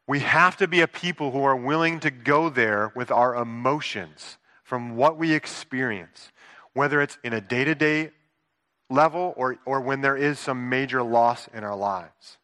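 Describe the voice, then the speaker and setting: Earnest bright-voiced male pastor preaching. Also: mid-range voice, unhurried. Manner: earnest, conversational preaching with rhetorical asides. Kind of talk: sermon.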